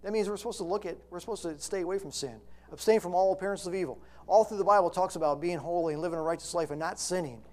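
A man's voice: high-pitched, racing, hardly any pauses, darkish tone. A middle-aged man preaching a sermon, reading scripture and then pressing his points with rising intensity.

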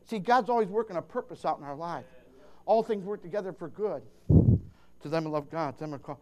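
A man's voice: sits high, fairly quick. A man preaching a fervent sermon, emphatic and impassioned, stammering into restarts and calling out to his listeners. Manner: impassioned, emphatic, swings between hushed and shouting, calls out to listeners.

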